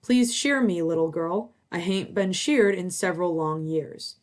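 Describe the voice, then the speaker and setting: A woman's voice: lowish voice, unhurried, lightly acted. A woman voicing a neglected old sheep that begs to be sheared. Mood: pleading. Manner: pleading.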